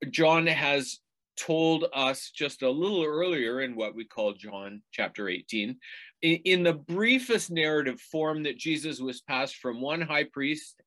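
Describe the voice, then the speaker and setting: Man preaching a measured sermon. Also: fairly high pitch, a bit bright. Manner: measured teaching tone, rhetorical questions.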